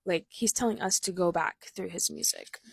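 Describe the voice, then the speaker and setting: A woman's voice: lowish voice, moderate pace, vocal fry, husky, no room sound. A woman hosting a casual video, explaining song lyrics in a loose, chatty way full of "like" and "um". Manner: reads out quoted lines between her own explanations. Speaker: host breaking down rap lyrics. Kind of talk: casual commentary.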